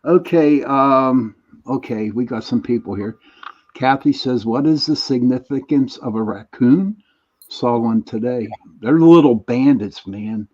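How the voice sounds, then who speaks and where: Mellow-voiced man hosting a podcast. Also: medium pitch, measured pace, dull audio. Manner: easygoing, reads out viewer comments. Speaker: podcast host. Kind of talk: casual podcast chat.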